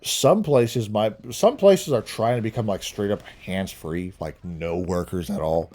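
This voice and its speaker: A man's voice: on the low side, a little slow, mellow. A young man vlogging his opinions in a casual, rambling monologue, laughing at his own jokes. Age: young adult.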